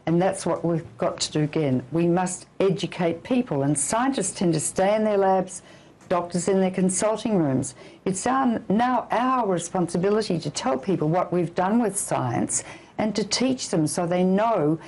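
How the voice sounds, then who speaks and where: A woman's voice: on the low side, moderate pace, darkish tone, rough recording. An older woman physician giving an interview, talking emphatically and issuing blunt warnings. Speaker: physician and anti-nuclear campaigner. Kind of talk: interview guest.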